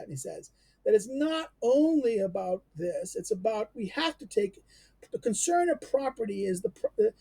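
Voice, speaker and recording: A man's voice: high voice, vocal fry, dark tone, no echo. A man giving an unscripted lecture, rambling and emphatic, with many fillers and restarts.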